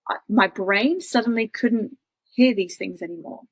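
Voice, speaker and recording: A woman's voice: medium pitch, normal speed, dry recording, low-quality recording. A woman guest telling a personal story in a chatty way, acting out her own past thoughts in quotes. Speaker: interview guest.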